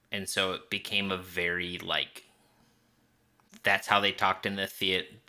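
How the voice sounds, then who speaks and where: Brief: male co-host, lowish pitch, sharp bright tone, casual and chatty. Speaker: podcast co-host. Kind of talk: casual film discussion chat.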